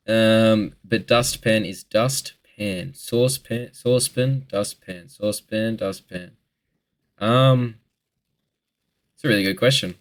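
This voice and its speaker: A man's voice: on the low side, takes it slowly. A twenty-year-old Australian man answering viewer questions in a rambling, joking casual chat, swearing freely.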